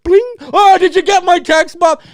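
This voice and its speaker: A man doing a loud phone-obsessed moviegoer. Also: very high-pitched, fairly even intonation, normal speed, pitched above the performer's own voice. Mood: loud chatter. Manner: shouting, chatty.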